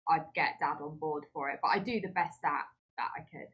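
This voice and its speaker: A woman's voice: sits low, a little fast, a bit bright, breathy edge, low-quality recording. A woman guest on a podcast, answering hesitantly with plenty of fillers. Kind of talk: casual podcast chat.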